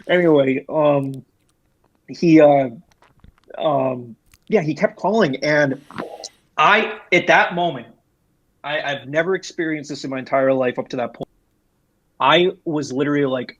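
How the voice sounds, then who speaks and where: Young adult man, husky, dry close mic, casual rambling storyteller. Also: fairly high pitch, measured pace, no echo. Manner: rambling, frequent restarts and fillers, animated when retelling. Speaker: guest, former retail employee.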